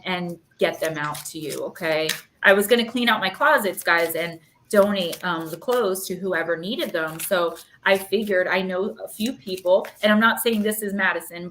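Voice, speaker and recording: A woman's voice: fairly low pitch, a bit bright, a little hiss or hum. Rambly woman doing a live card reading, chatty, little echoey room. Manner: chatty and rambling, fillers, emotional. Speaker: intuitive card reader.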